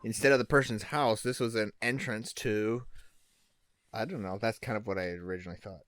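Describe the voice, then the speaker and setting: A man's voice: fairly low pitch, brisk, a bit bright, no echo, studio quality. A man on a casual book podcast, talking hesitantly with lots of fillers. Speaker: podcast co-host, first-time reader.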